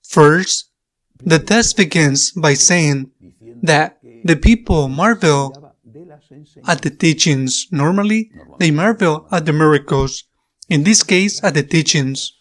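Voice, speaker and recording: A male priest whose first language is Spanish, giving a sermon in slow, measured phrases that repeat for emphasis. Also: a little high.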